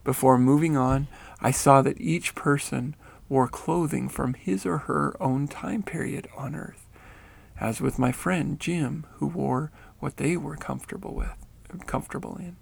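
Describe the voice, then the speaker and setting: Gravelly man reading a story. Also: on the high side, a little slow. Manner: steady, earnest reading. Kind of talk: reading a first-person story aloud.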